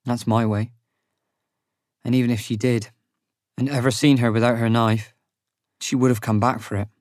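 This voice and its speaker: A man narrating a fantasy audiobook in the first person, with a measured, sombre reading on a close studio mic. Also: medium pitch, level tone, a little mellow, no room sound.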